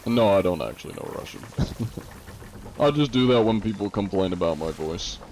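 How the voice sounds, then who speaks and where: A streamer with a fairly low, warm and mellow voice banters with his crew and chat. He slips in and out of a playful judge act, teasing and mock-formal, with a faint hum of noise under his voice. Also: expressive, moderate pace, rough recording. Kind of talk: live-stream banter, role-playing a judge.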